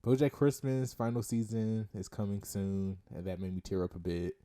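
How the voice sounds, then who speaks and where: A man's voice: lowish voice, flat delivery, normal speed, dark tone. A man hosting a casual podcast, rambling, giggling often and swearing freely. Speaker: podcast host.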